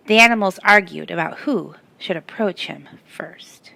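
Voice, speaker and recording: A woman's voice: medium pitch, unhurried, gravelly, sharp tone, a little hiss or hum. A woman reading a picture book aloud to children and stopping to ask them questions. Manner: asks the listeners questions. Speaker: storyteller.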